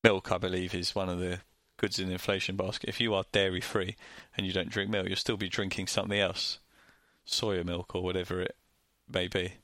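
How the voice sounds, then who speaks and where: A man with a Northern English accent co-hosting a finance chat, explaining things in a plain, measured way. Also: low voice, level tone, a bit bright, no room sound. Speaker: co-host.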